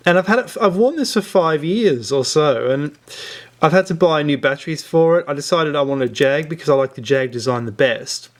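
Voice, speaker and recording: A man's voice: a little high, normal speed. A man hosting a casual watch review vlog, rambling along with many fillers and restarts. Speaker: watch reviewer, channel host.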